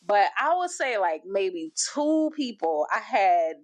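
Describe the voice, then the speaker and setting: A woman with a medium-pitched, very animated voice speaks slowly in a recording with no echo. She's hosting a reaction video and chats casually, full of fillers and restarts, giving offhand commentary.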